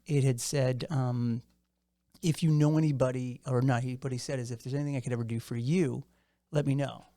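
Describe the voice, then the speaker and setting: A man's voice: medium pitch, steady tone, a little fast, warm tone. A man in his fifties hosting a podcast, chatting casually and playfully, joking and laughing often. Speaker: podcast host. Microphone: studio microphone.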